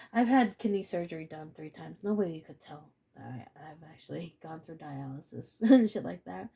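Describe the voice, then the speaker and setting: A woman's voice: on the low side, creaky, warm tone, slightly rough. A woman giving a casual spiritual reading to camera, blunt and profane, repeating phrases and laughing often. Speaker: tarot reader.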